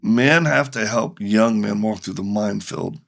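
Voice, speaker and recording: A man's voice: on the low side, unhurried, vocal fry, a bit bright. A middle-aged man, a ministry leader and podcast guest, telling a story animatedly, acting out both sides of the dialogue.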